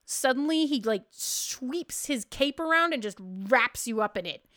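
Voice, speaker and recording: A woman's voice: fairly high pitch, lively intonation, measured pace, fairly bright tone. A woman hosting a tabletop role-play podcast as game master, chatty and laughing often as she narrates the scene.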